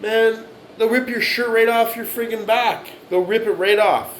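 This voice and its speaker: A man's voice: high voice, fairly even intonation, measured pace, a little hiss or hum, low-quality recording. A man in his late forties giving a blunt, profane monologue, repeating himself and often asking "right?". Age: 40s. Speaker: vlogger. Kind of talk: casual monologue to camera.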